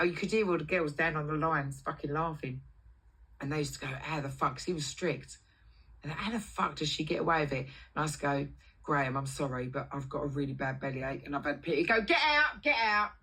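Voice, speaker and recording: Woman, middle-aged, brash and sweary, bright tense voice, a little husky. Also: deep voice, low-quality recording. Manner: brash and foul-mouthed, acting out quoted voices. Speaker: livestream host. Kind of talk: casual storytelling on a livestream.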